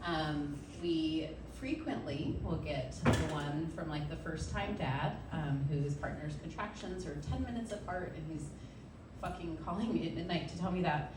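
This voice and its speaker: A woman's voice: low voice, normal speed, background noise. A woman midwife telling funny stories to a live audience, chatty and laughing often, with lots of ums. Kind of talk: stand-up storytelling. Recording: roomy, distant mic, loud ambience.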